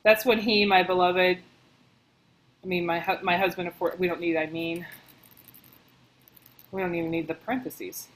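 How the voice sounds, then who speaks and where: A woman working as a book editor, reading passages aloud and thinking out loud in a casual, chatty way as she comments on them. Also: lowish voice, level tone, moderate pace, long pauses, rough recording.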